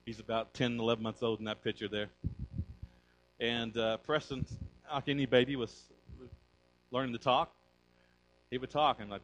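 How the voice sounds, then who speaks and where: A male pastor preaching a sermon, emphatic and energetic, calling on the congregation to respond. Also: medium pitch, moderate pace, long pauses, muffled recording. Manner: conversational storytelling.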